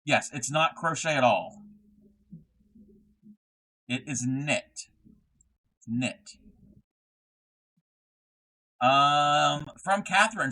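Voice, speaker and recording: A man's voice: fairly high pitch, very slow, long pauses, pushed and bright. A young man hosting a casual craft livestream, reading chat messages aloud and rambling with lots of fillers and restarts.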